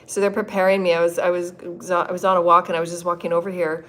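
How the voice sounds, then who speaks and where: A woman's voice: fairly low pitch, level tone, fast, a bit bright. A woman in her fifties hosting a spiritual channeling livestream from an indoor meeting room, talking in a loose, rambling way, laughing often and swearing freely. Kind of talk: casual rambling livestream chat.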